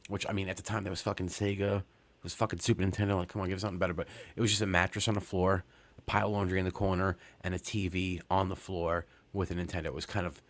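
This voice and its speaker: Low-voiced profane New man rambling. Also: level tone, fast talker. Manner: rambling, profane, lots of fillers and restarts. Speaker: podcast host. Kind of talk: casual storytelling.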